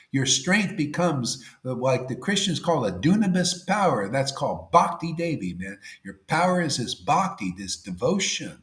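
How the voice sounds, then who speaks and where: A man giving a devotional sermon in a casual way, saying 'see' and 'man', and swinging between loud emphasis and near-whispers. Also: medium pitch, echoey room. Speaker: spiritual teacher.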